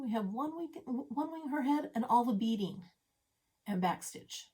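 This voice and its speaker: In a casual show-and-tell vlog from her home craft room, a middle-aged woman shows off her cross-stitch projects, chatty and self-deprecating with rambling asides. Her voice is a little high, expressive, and mellow at normal speed, and she sounds a little out of breath.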